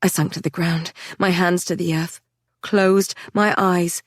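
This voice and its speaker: Low-voiced woman narrating an audiobook. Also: flat delivery, normal speed, dry recording, studio quality. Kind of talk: dramatic first-person audiobook narration.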